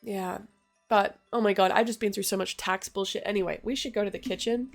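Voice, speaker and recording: A woman's voice: medium pitch, fairly even intonation, fairly quick, gravelly, faint music behind. A young woman chatting casually at home, rambling with lots of "like" and casual swearing. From Australia. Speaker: streamer. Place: home room, then kitchen.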